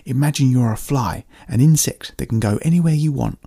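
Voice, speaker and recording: A man reading a storybook, voicing a calm, practical woman inventor giving instructions. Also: medium pitch, fairly quick, breathy edge, dry recording, studio quality, pitched above the performer's own voice.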